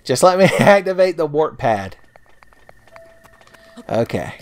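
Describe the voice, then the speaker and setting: A man's voice: on the high side, very animated, slow, a little mellow. A man hosting a game playthrough in casual commentary, joking profanely and laughing often, close to a home mic. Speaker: let's play host.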